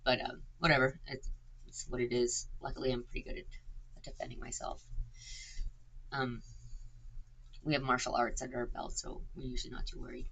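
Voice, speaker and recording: A woman's voice: extremely low pitch, level tone, brisk, creaky, long pauses, a bit bright, slightly rough, poor audio. A woman, rambling on stream in casual chat, swearing and filling gaps with "like" and "um". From Canada. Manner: chatty, swears a lot, filler-heavy.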